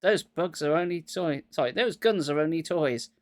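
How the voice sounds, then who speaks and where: A man's voice: on the high side, moderate pace, dry recording, natural voice. A man voicing a frightened young boy sidekick who shrieks and protests. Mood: panicked.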